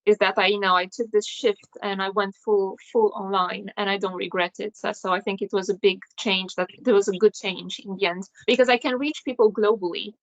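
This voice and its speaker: A woman hosting a casual video call interview, listening attentively with soft agreeing sounds and adding her own experiences. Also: medium pitch, steady tone, a little fast, hardly any pauses, muffled recording. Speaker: host.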